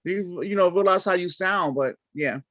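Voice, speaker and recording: A man's voice: high voice, moderate pace, no echo. A man, a church elder, candidly sharing personal testimony in a video-call discussion, acting out his own reactions. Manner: candid, animated, acts out quoted reactions.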